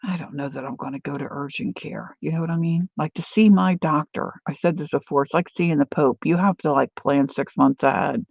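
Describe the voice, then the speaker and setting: A chatty woman crafting on camera, talking her viewers through what she is making. Her voice has a gravelly, creaky edge, and it comes across dry and a little dull, as if recorded close on a modest mic. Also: sits low, normal speed, hardly any pauses, a little mellow, no echo. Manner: chatty, reads viewer comments aloud. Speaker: craft vlogger. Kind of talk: casual crafting chat.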